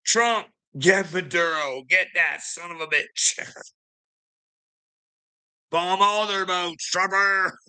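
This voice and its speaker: A man voicing a mocking male God who cheers on war, in a slow, jeering, sing-song voice that rises well above his own pitch. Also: pushed and bright, clear, resonant tone, exaggerated voice.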